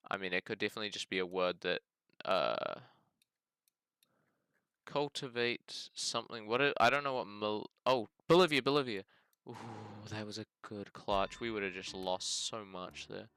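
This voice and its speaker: Brief: New Zealand man, gaming host, low-set voice with a crisp, smooth tone, thinks out loud as he plays. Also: moderate pace, dry recording. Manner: thinks aloud, hedging and musing, says "bloody" often. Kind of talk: casual game commentary.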